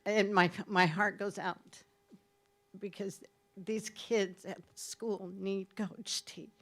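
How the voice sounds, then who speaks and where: A woman's voice: mid-range voice, steady tone, takes it slowly. A woman giving a heartfelt, earnest public comment at a school board meeting.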